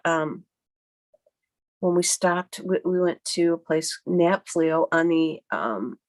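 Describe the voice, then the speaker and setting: A woman hosting a live card-making tutorial from her home craft desk, chatty and rambling as she thinks aloud, her voice a little hoarse from a cough. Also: lowish voice. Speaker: card-making livestream host. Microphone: computer webcam mic at her desk.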